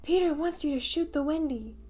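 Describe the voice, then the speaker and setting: A jealous little fairy calls out in a shrill, sharp, high voice, sly and spiteful. A woman puts her on in an audiobook. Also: fairly quick, natural voice. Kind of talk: audiobook character reading.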